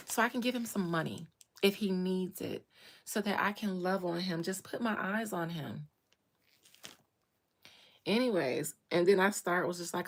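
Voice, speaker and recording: A woman's voice: on the low side, measured pace. Impassioned woman telling a personal story. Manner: impassioned, repeats phrases for emphasis.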